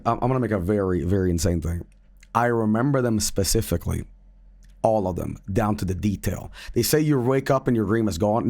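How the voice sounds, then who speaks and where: A man streaming who tells a long story in casual chat, rambling and swearing as he goes. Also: medium pitch.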